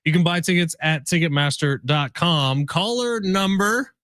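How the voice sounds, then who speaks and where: A man's voice: on the high side, steady tone, normal speed, fairly bright tone, no room sound, clean studio sound. A man hosting a sports radio show, chatting loosely and reading ticket giveaways. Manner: loose, conversational, reads promos. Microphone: studio mic.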